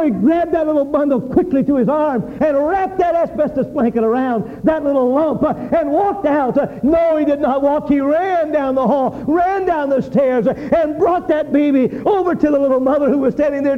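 High-voiced preacher man getting fired up, telling a story at a revival, muffled old tape. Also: normal speed, hardly any pauses. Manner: impassioned dramatic storytelling. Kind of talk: revival sermon. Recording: dull lo-fi recording.

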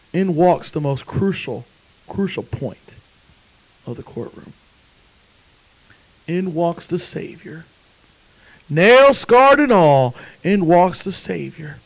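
A man's voice: a little high, animated, takes it slowly, gravelly, pauses often, dark tone, slightly rough, poor audio. A man preaching a sermon, telling a story and then fervently urging listeners to come to faith. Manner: storytelling, then fervent pleading altar call.

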